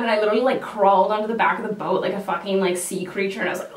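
A woman's voice: mid-range voice, lively intonation, a little fast, a little hiss or hum. A young woman vlogger telling a story in casual chat while doing her makeup, swearing freely. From Canada. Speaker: beauty vlogger. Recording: roomy echo from a distant mic.

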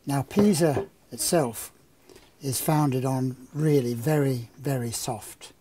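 A man's voice: mid-range voice, takes it slowly, noisy background. An older man, an engineer, telling an anecdote and then explaining a problem with a live model demonstration. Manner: anecdotal, relaxed storytelling.

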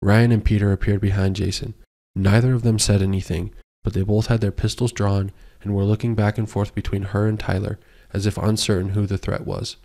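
A man narrating a romance audiobook in a measured storytelling manner. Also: on the low side, flat delivery, mellow. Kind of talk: scripted narration.

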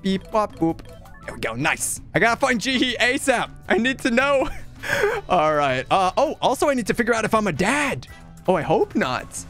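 Young man, gaming commentary, high lively voice, playful and dramatic, jokey. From Canada. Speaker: gaming YouTuber. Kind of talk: comedic gameplay commentary.

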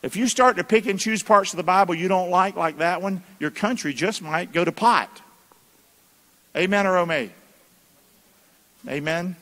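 A high-pitched, somewhat bright male voice at normal speed, pausing often, leads a sermon as pastor. He seeks responses from the congregation in call-and-response style, folksy and emphatic with colloquial asides; the church sanctuary gives a long hall reverb.

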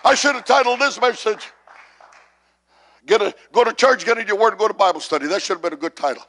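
Middle-aged male pastor, high and gravelly, repetitive call-and-response sermon delivery. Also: fairly quick. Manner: repetitive call-and-response preaching, builds to shouts. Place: church service.

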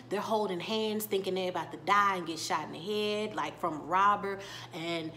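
A woman vlogger recapping a TV episode in casual speech, retelling scenes with lively quoted lines. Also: on the low side, moderate pace, a little hiss or hum.

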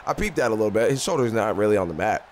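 A young man giving casual, excitable play-by-play commentary on a video game, talking slangily to the characters on screen. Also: fairly low pitch, rapid-fire, a little hiss or hum. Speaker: gaming YouTuber.

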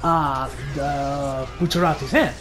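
A man giving a casual, animated episode recap, often laughing and acting out the characters' lines. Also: on the high side, takes it slowly. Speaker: anime reviewer.

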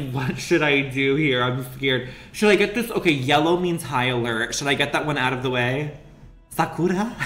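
A man's voice: on the high side, bright, forceful tone. A man streaming a game, chattering to his viewers in a giggly, profane, campy way. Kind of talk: casual gaming stream chat. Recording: roomy sound with faint music.

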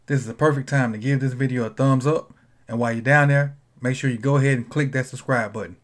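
A man hosting a casual sports countdown video, talking loosely with many fillers and restarts. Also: mid-range voice. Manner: relaxed, halting, many "uh" and "um" fillers. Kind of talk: casual sports commentary vlog.

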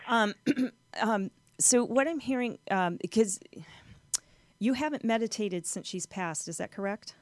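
A woman's voice: fairly high pitch, unhurried, no room sound. Questioning woman co-host. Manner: probing, asks the caller questions. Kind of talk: call-in radio show reading.

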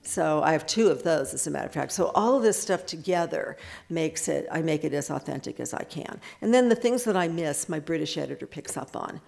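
Low gravelly older woman, chatty. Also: lively intonation, a little mellow. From United States. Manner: chatty, with frequent restarts and quick asides. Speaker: author answering audience questions. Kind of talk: casual talk at a book event.

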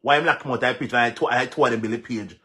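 Heated Jamaican man with a bright voice. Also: medium pitch, rapid-fire. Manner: emphatic, repeats words, switches between patois and English. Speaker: social media commentator. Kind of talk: heated commentary vlog.

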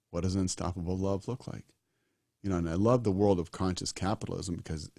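Low-voiced earnest man in his sixties. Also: mellow, no room sound, clean studio sound. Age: 60s. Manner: emphatic, repeats key phrases. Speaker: guest, disaster doctor. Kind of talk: earnest interview talk.

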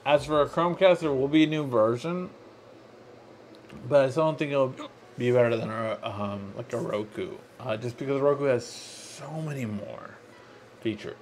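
A man's voice: medium pitch, moderate pace. Tipsy male tech-show host, slurred speech, constant hiccups, mid-range voice, faint background noise. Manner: drunk, slurring words. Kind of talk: live tech show chat.

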